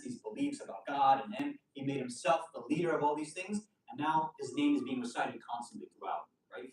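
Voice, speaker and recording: A man's voice: medium pitch, darkish tone, a little hiss or hum. A man giving a conversational storytelling sermon with casual asides. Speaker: preacher giving a majlis lecture. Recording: echoey hall, voice from a distant mic.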